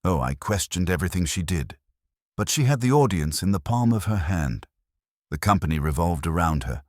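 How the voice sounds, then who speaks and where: A man's voice: deep voice, very animated, moderate pace, dry recording, studio quality. A man voicing a blunt, cynical female choreographer from a ballet company.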